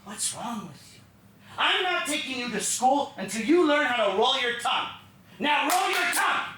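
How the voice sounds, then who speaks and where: A cruel, sneering stepmother, as a man puts her on in a one-man stage show, her voice pitched high and swinging wildly as she taunts and builds to shouting. It is heard in a roomy theatre from a distance, with faint noise under it. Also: very animated, normal speed. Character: cruel mocking stepmother, adult woman.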